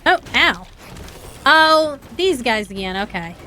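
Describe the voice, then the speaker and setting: A woman's voice: a little high, very animated, slow pace, bright, forceful tone, slight background noise. A young woman with an Appalachian accent, chatting casually and rambling while streaming a game, laughing often. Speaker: VTuber streamer.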